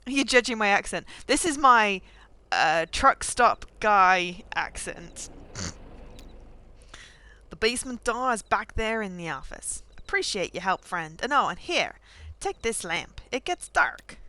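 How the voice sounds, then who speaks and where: A woman voicing a weary older male gas station attendant in a put-on rural truck stop accent, reading game dialogue aloud in a folksy, unhurried way. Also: mid-range voice, sing-song, pushed and bright.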